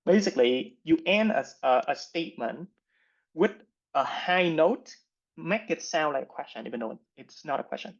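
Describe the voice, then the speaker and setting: A man's voice: fairly high pitch, expressive, normal speed, vocal fry. Muffled-sounding man coaching interview skills. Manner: explains in short phrases, says "right?" and "like" often. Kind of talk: live online masterclass. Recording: muffled lo-fi recording.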